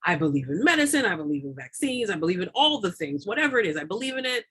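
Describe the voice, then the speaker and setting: A woman with a medium-pitched, sing-song voice talks very fast, her tone fairly bright and a little rough. She's a doula and lactation consultant appearing as a guest in a casual interview, rambling with lots of fillers and repeated words and laughing often.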